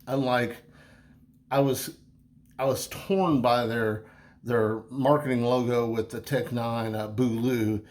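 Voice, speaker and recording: Man, casual beer review vlog, rambling, chatty, lots of ums and restarts, mid-pitched voice. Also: steady tone, takes it slowly, darkish tone. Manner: rambling, full of fillers and restarts; easygoing, chatty.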